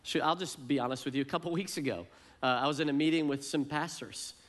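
A man's voice: fairly high pitch, fast talker. A middle-aged male pastor preaching a sermon in a conversational, self-deprecating way, often repeating words as he starts a phrase.

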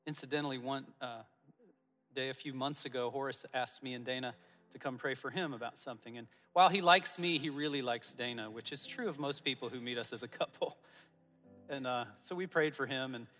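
Bright-voiced male pastor preaching in a hall. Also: medium pitch, a little fast, soft background music. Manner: personal storytelling, earnest and warm-hearted with soft asides. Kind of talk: sermon. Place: church auditorium.

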